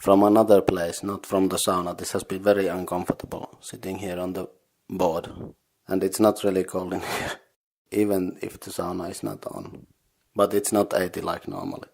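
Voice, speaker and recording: A man's voice: sits low, little pitch movement, normal speed, vocal fry, a little mellow. A man hosting a podcast, giving a casual mini language lesson, who explains patiently step by step while sitting in an unheated sauna. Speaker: podcast host.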